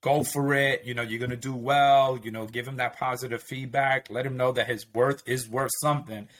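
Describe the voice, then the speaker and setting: A man chatting casually, retelling conversations and slipping into quoted voices to make his point. His delivery is emphatic and conversational, at an ordinary middle pitch. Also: steady tone, brisk, fairly bright tone. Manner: emphatic storytelling with acted quotes. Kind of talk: casual chat.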